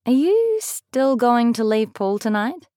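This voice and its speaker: A brash, foul-mouthed young woman, put on by a woman reading an audiobook, pitched up high and loud with a giggly edge. She swears freely and talks with cheeky energy. The sound is dry and close. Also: big pitch swings, slow, no room sound. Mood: serious. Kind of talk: audiobook character voice.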